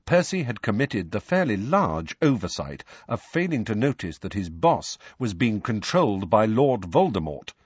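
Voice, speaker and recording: A man reading an audiobook aloud, narrating in a low, measured way and switching into character voices. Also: sing-song, breathy edge, no room sound, dull audio. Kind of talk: scripted narration.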